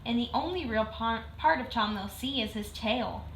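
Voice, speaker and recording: Woman voicing a gentle little storybook mother. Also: fairly high pitch, moderate pace, a little hiss or hum, lightly acted. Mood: tender. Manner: gentle and caring. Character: gentle, worried tiny mother. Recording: roomy echo.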